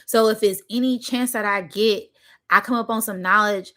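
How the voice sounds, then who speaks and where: A woman's voice: medium pitch, fairly even intonation, moderate pace, pushed and bright. A young adult woman hosting a spiritual channel, giving an emphatic, preachy monologue full of cursing and repeated "right?" and "y'all", emotional and close to tears. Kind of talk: passionate livestream monologue.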